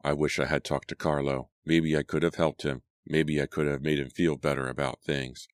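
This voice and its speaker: A serious, solemn teenage boy, voiced by a male reader, talking in a slow, measured way. The voice is very deep and the sound dry and close. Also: level tone, dry recording.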